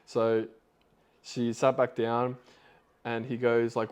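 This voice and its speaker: A man's voice: mid-range voice, monotone, slow pace, pauses often, smooth. A man hosting a podcast, retelling a story in a loose, rambling way with lots of fillers. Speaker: podcast host.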